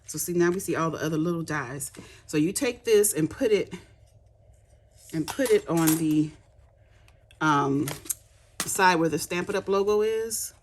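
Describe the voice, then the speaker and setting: Low-voiced woman gushing over craft supplies. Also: slight background noise. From United States. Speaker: craft demonstrator. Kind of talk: casual unboxing chat.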